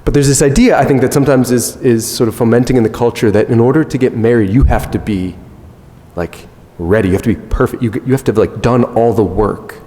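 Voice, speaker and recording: A man's voice: medium pitch, fast talker. Storytelling man in a reverberant hall. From United States. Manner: animated, self-mocking storyteller. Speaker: conference speaker. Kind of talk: storytelling talk. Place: large conference hall.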